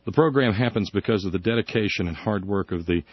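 A man hosting a satirical talk radio show, sarcastic, often jumping into high mocking tones. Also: quick pace, husky, no room sound. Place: radio studio. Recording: dull dry radio broadcast.

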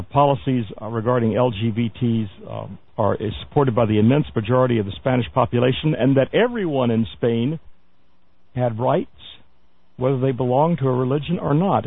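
Radio talk guy, gravelly husky voice, lots of uhs and restarts, sounds like a tinny phone line. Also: medium pitch. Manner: halting, many fillers and restarts, wry asides. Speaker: radio show host. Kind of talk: news commentary talk radio.

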